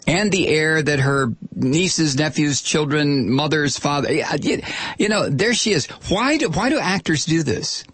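A man delivering a political commentary monologue that rambles and turns profane, with many asides. His husky voice swings widely in pitch and sits a bit high for a man. The recording sounds dry and close. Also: lively intonation, measured pace, fairly bright tone, no room sound.

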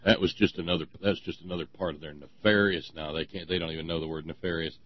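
A man co-hosting a talk show, talking in a sarcastic, ranting way with many halting restarts. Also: low voice, fairly even intonation, no room sound, muffled recording. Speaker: podcast co-host. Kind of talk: casual opinion talk.

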